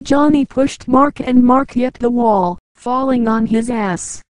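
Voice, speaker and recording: Slow, dry-voiced woman narrating a novel. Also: fairly high pitch, a little mellow, dry recording, rough recording. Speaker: audiobook narrator. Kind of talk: audiobook narration with light character voices.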